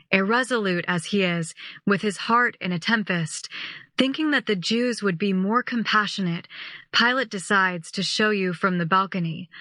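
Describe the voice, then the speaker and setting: A woman giving a measured, solemn scripted devotional reading. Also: medium pitch, bright, forceful tone, no echo. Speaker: devotional reader.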